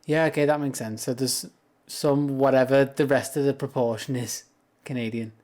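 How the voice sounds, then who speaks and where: A British man talks casually while streaming a game, drifting from one thought to the next and laughing at his own asides. His voice sits at an ordinary middle pitch, and he speaks from a home setup into a desk microphone. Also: steady tone, moderate pace, a little mellow. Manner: rambling, self-amused, laughs often. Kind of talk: casual chat while gaming.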